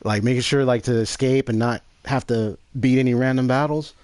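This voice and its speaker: A man's voice: mid-range voice, fairly quick, no room sound. A man streaming live gameplay, commenting animatedly and reading the chat aloud. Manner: animated, reads game dialogue and chat aloud. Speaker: gaming streamer.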